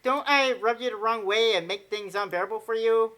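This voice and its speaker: A woman's voice: a little high, brisk, fairly bright tone, close to an everyday voice. A woman voicing a kind teenage schoolgirl who is crying as she apologizes. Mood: tearful.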